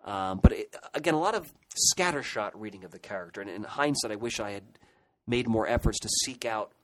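Middle-aged male co-host, slightly low voice, discursive nostalgic chat. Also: animated, fairly quick, background noise. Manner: nostalgic, rambling reminiscence. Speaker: podcast co-host. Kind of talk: casual chat.

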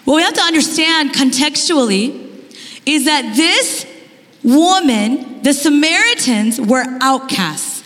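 A woman giving a sermon at a conference, telling stories in an animated way with rising, emphatic questions. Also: sits high, slow pace. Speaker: conference speaker. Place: conference hall. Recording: long hall reverb.

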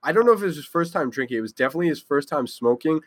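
A man's voice: a little high, lively intonation, racing, dry recording. A young man hosting a casual podcast chat, laughing often and swearing freely. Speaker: podcast host.

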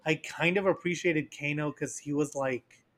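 Podcast co-host, male, fairly high voice, animated, sarcastic movie recap. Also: normal speed. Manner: animated, acts out characters in mocking quoted voices. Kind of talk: casual movie review chat.

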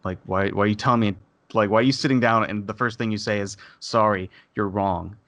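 Low-voiced man telling a story. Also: fairly quick, dry recording. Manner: animated, swearing, acts out quoted people. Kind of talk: casual storytelling chat.

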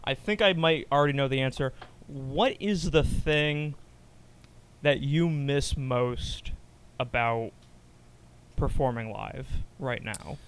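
A man hosting a podcast, chatting casually with a jokey, upbeat manner and quick questions. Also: mid-range voice, clear, resonant tone. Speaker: podcast host.

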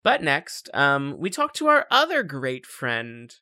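A let's play commentator chatting casually over gameplay, hesitant and quick to laugh. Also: medium pitch, wildly swooping pitch, bright, forceful tone, no room sound, clean studio sound.

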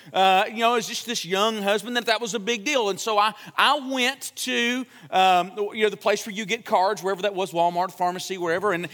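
A young pastor preaches in a church sanctuary as a chatty, joking storyteller. His voice is high and bright. The long reverb of the hall trails after every phrase. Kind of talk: sermon.

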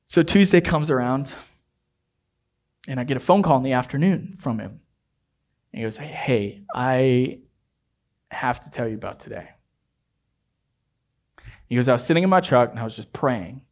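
A man preaching a sermon as a pastor, telling a story in a hushed, intimate way and rising to emphatic exhortation. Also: medium pitch.

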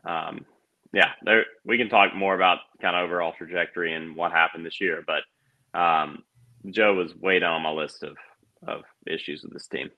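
A man with a low voice appears as a podcast guest in a casual sports chat, speaking at a normal speed with fairly even intonation. He comes across as thoughtful and hesitant, often restarting his sentences. The audio is dull and lo-fi.

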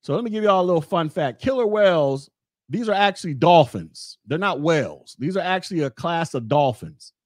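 A man's voice: a little high, expressive, brisk, dry recording, studio quality. A man hosting a podcast, talking in a blunt, rambling way straight to his listeners. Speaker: podcast host. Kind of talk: casual monologue podcast.

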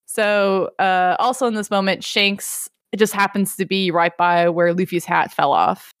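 A woman recapping an anime in casual podcast chat, rambling and animated with lots of fillers. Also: mid-range voice, measured pace, hardly any pauses, no echo, studio quality. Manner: rambling, animated, many fillers, laughs easily.

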